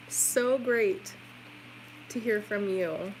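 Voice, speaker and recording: A woman's voice: mid-range voice, steady tone, moderate pace, fairly bright tone, a little hiss or hum, poor audio. A woman giving a tarot reading on a live stream, talking in a chatty, reassuring way with many "like" fillers. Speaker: tarot reader.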